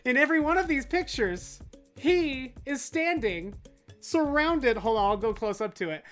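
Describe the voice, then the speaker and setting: A woman's voice: sits high, expressive, moderate pace, faint music behind. A woman hosting a comedic news recap, sarcastic and mocking, who drags out phrases for emphasis. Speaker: host.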